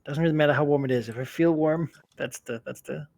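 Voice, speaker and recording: A tired man, a player in an online tabletop game, chatting in a relaxed, low-key way and often trailing off. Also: quick pace, vocal fry, no room sound. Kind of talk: casual chat.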